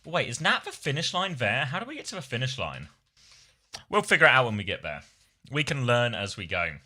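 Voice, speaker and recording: A man's voice: mid-range voice, very animated, a little fast, pushed and bright. A man streaming live, chatting with viewers and commentating a race game in a playful, upbeat way. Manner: eats on stream, talks with mouth full.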